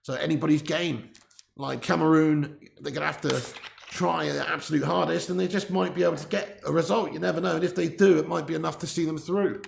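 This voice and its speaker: A man hosting a casual live football watch-along, laughing often as he reads out viewer messages. His voice is heavily gravelly and sits a little high. He sounds distant from a laptop mic with the gain turned up, in a roomy, echoing space. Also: fairly even intonation, brisk, slight background noise. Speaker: live stream host. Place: room indoors. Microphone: laptop mic set far away with gain turned up. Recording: echoey room.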